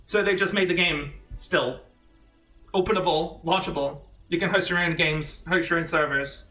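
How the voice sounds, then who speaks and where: A young male streamer with a high, bright voice rants in quick, rambling bursts, swearing and laughing often. His room sounds echoey, with soft music underneath. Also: fairly even intonation. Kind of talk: casual ranting chat.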